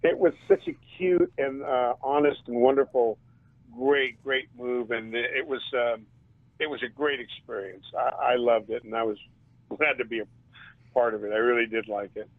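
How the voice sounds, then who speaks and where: A man, a band drummer and interview guest, telling stories in a casual and animated way and laughing often. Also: mid-range voice, moderate pace, dry recording. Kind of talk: casual storytelling. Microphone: phone. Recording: tinny phone line.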